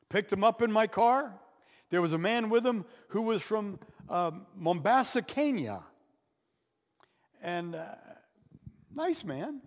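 A man telling a personal story as a sermon, animated, with dramatic pauses and playful sound effects. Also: sits high. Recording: echoey hall with long reverb.

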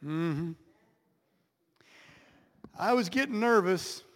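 A high-voiced man preaching with lively swings of pitch, telling a story with dramatic pauses. His voice rings through a church hall with a long, echoing reverb. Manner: animated storyteller, dramatic pauses and sound effects. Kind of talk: sermon storytelling.

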